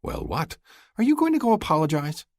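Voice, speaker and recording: A man's voice: a little high, very animated, brisk, dry recording, studio quality, voice pushed up. Man doing a blunt, prodding alien sister.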